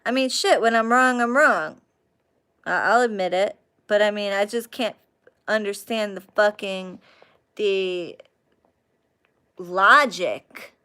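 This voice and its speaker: Woman, live-stream host, smooth clear voice, swears constantly, heated casual rant. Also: mid-range voice. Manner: profane, animated ranting, frequent swearing.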